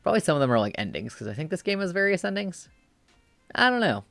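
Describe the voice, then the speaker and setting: A streamer casually commenting while playing a story game, in a rambling, low-key way. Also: sing-song, quick pace, gravelly, a bit bright, dry recording, soft background music.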